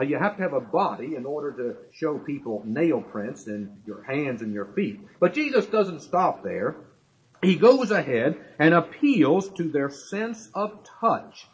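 A man's voice: high-pitched, husky, rough recording. A man preaching a sermon, talking emphatically, repeating key points and asking rhetorical questions.

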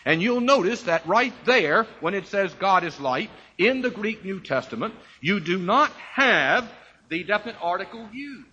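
A man preaching an expository Bible sermon, slowing to stress key phrases and answering his own rhetorical questions. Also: high voice, expressive, sharp tone, dull audio.

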